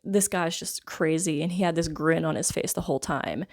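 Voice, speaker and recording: A woman's voice: low voice, moderate pace. A woman giving a casual, rambling film review, wry and full of fillers like "like" and "I guess.". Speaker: movie reviewer.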